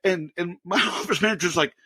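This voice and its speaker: A man's voice: fairly quick, no echo. A man in his late forties, a podcast co-host telling a work story in a casual way, laughing often. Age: 40s. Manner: animated storyteller, pitches up for quoted outbursts, laughs often.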